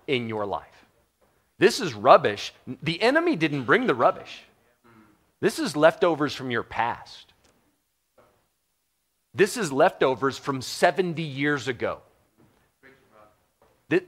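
Joking, fairly high-voiced American male pastor. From United States. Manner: conversational, joking, asks the congregation questions. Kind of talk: sermon.

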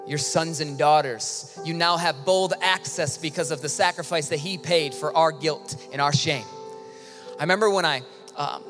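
An earnest man preaching in a large auditorium, his voice slightly high and often sinking into a soft hush. A long reverb hangs on his words, and faint music plays beneath them. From Michigan. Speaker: worship leader and preacher. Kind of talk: sermon.

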